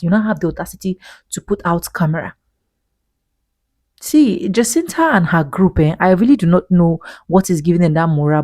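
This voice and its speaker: A woman's voice: fairly low pitch, mellow, dry recording. A woman giving an opinionated commentary monologue, indignant and emphatic, full of rhetorical questions. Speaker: vlogger commentator.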